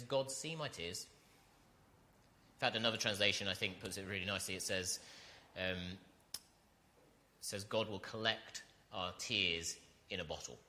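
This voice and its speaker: A man's voice: deep voice, unhurried, long pauses, pushed and bright. A man preaching an earnest sermon, reading scripture and building to emphatic repetition.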